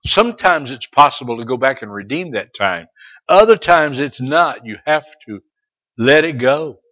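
A middle-aged pastor with an expressive, mid-range voice preaches a sermon, dropping into soft asides and then rising into loud, slow exhortations. He calls out to listeners by name.

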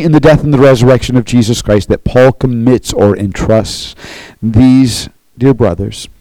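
A man's voice: medium pitch, moderate pace, warm tone, no echo, poor audio. A man preaching a sermon as pastor, earnest, often checking in with the congregation by asking "okay?".

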